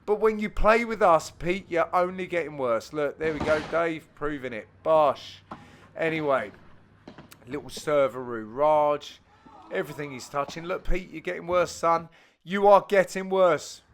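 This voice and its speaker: A man with a Cockney accent giving cheeky, banter-filled commentary over amateur match footage, with sudden loud exclamations. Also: on the high side, unhurried, a little hiss or hum. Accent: London Cockney.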